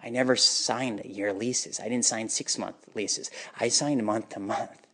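A man telling his own life story in an unscripted personal monologue, bitter and emotionally charged, halting at times. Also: on the low side, fairly even intonation, a bit bright, slight background noise.

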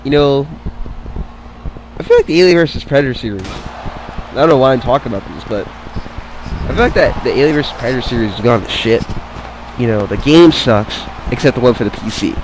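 A man giving casual play-by-play commentary on a wrestling video game match, excitable and swearing, drifting into rambling asides. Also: mid-range voice, a little fast, pauses often, background noise.

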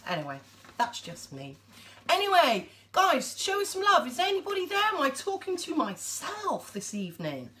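A woman's voice: sits high, wildly swooping pitch, normal speed, pushed and bright. A woman chatting casually to viewers on a live stream, addressing them directly as she talks.

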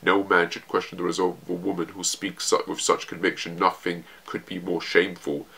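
A grave male samurai retainer from a comic book speaks of honor and dying by the sword, voiced by a man reading the lines. The voice is deep and kept quiet. It comes across as plain reading rather than full acting. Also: level tone, fairly quick, vocal fry, husky, full character voice. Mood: solemn.

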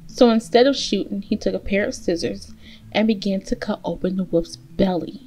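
A woman reading a fairy tale aloud as storyteller, gentle and steady. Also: medium pitch, normal speed, faint music behind.

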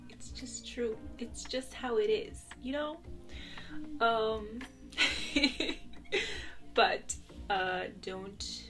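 A woman's voice: fairly high pitch, very slow, long pauses, a bit bright. A young woman chatting casually to camera in her bedroom, rambling and giggling between asides. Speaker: vlogger. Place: bedroom at home. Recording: music playing in the background.

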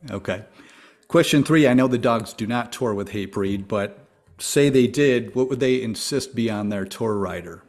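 Upbeat podcast host asking questions. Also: male voice, fairly low pitch, darkish tone. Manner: upbeat, slows and stresses key words when asking questions. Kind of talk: casual interview questions.

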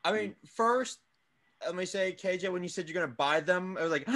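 A man co-hosts a casual toy-collecting podcast. His voice sits high and lively, and he tosses out quick jokes and playful asides as he talks. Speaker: podcast co-host. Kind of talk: casual chat.

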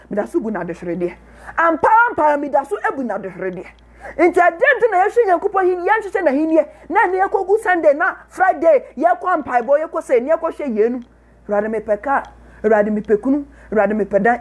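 A woman with a Ghanaian accent delivers a sermon in a high, bright register. She hammers points home through repetition and slides easily between Twi and English phrases. Her delivery is that of a prophetess addressing her congregation. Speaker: prophetess and preacher.

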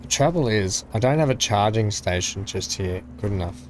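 A man's voice: fairly low pitch, animated, normal speed, slight background noise. A man chatting casually on a live game stream, greeting viewers by name and poking fun at himself. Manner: chatty, self-deprecating, talks to chat by name. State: coughing, something in throat. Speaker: gaming streamer.

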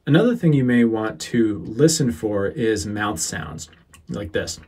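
A male teacher talking through a how-to lesson into a close microphone, unhurried and easygoing, with a few fillers. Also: lowish voice, animated, darkish tone, slightly rough. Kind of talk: instructional voice-over. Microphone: close sensitive studio mic.

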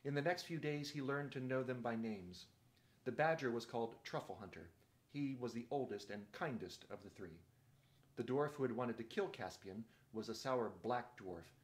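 A man reading a novel aloud in a steady, measured narrating voice. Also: medium pitch. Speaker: reader.

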